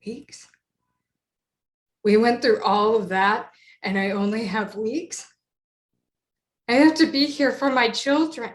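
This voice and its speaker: A woman plays a terminally ill mother of young children in a solo stage show, speaking in a pleading, emotional way. The voice stays mid-pitched, with a roomy echo around it. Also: takes it slowly, long pauses.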